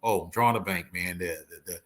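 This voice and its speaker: A man's voice: deep voice, fairly quick, a bit bright. A man, an attorney and guest, analyzing a trial in casual conversation, acting out courtroom quotes with slangy asides. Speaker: criminal and appellate attorney, guest. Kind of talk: casual legal analysis chat.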